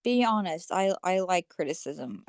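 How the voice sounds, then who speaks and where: A young woman co-hosting a casual podcast chat, laughing often and talking herself down in quick bursts. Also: on the low side, animated, no room sound, studio quality. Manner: laughs often, self-deprecating, rapid bursts. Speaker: podcast co-host.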